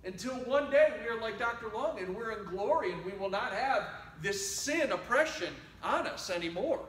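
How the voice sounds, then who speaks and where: A man preaching a sermon as pastor, talking conversationally and swinging between loud exhortation and quiet asides. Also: high voice, animated, moderate pace, a little hiss or hum. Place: church sanctuary. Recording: roomy church sound from a distant mic.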